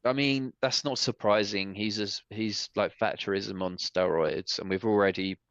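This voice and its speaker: A man hosting a casual podcast chat, talking in animated, opinionated rants. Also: on the low side, normal speed, dry recording. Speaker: podcast host. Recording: dull, dry podcast mic.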